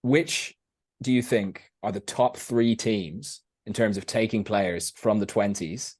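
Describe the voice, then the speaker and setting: A man's voice: on the low side, slow, darkish tone, breathy edge. A man co-hosting a casual rugby podcast, making brief, easygoing remarks. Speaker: podcast co-host.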